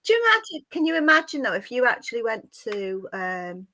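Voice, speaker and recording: A woman's voice: on the high side, very animated, fairly quick, bright, forceful tone. A woman co-hosting a podcast in casual chat, laughing often and spinning what-if scenarios. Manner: storytelling, laughing, hypothetical musings. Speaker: podcast co-host.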